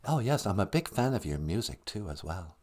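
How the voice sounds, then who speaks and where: A man putting on a dead male English rock star's ghost with an English accent, speaking in a soft, formal, courtly way. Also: low-pitched, big pitch swings, fairly quick, voice pushed down.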